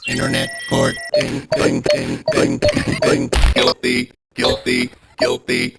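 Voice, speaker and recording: A man voicing a gruff internet court judge in a deep gravelly put-on voice. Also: big pitch swings, slow pace, over loud music, exaggerated voice. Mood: stern.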